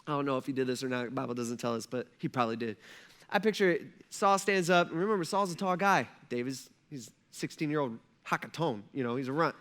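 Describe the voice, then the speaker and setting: A man's voice: medium pitch, expressive, fast talker, a bit bright. A young adult man, a pastor preaching a sermon in a casual, humorous storytelling way.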